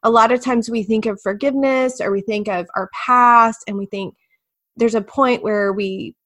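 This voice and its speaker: A woman's voice: on the high side, steady tone, moderate pace, a bit bright, no room sound. A woman hosting an interview, affirming and encouraging her guest. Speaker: podcast host.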